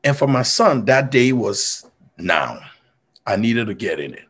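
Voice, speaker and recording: A middle-aged man with a Liberian accent tells his story in a motivational talk. His voice is gravelly and husky. He speaks earnestly and repeats words when he drives a point home. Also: mid-range voice, very animated, measured pace, a bit bright. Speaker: mayor giving a talk.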